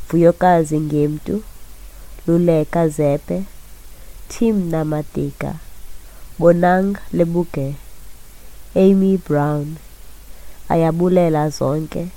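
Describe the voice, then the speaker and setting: A woman reading out credits in a calm, measured way. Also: deep voice, low-quality recording. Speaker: credits reader.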